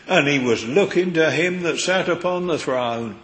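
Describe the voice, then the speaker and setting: A man's voice: on the high side, moderate pace, few pauses, fairly bright tone. A man preaching a sermon in an earnest, old-fashioned manner, quoting scripture, recorded in a chapel. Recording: echoey hall with long reverb.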